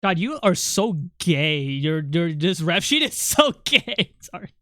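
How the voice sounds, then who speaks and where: An art streamer chatting casually while drawing, joking around, quickly apologizing and running down their own skills. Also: medium pitch, very animated, a bit bright, dry recording, clean studio sound. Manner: self-deprecating.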